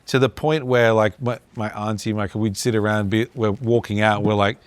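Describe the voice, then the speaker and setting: A man hosting a casual interview, his questions long and loosely put together as he tells his own anecdotes along the way. His voice is fairly low, and the mic picks it up close and dry. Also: fairly even intonation, moderate pace, no room sound. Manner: easygoing, asks rambling questions. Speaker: podcast host.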